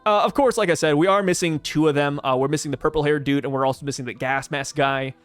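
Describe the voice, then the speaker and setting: A man casually reviewing a comic chapter, chatty and excitable, with many fillers and acted-out quotes. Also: on the high side, fast, clear, resonant tone, no room sound, faint music behind. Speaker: manga reviewer. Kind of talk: casual commentary.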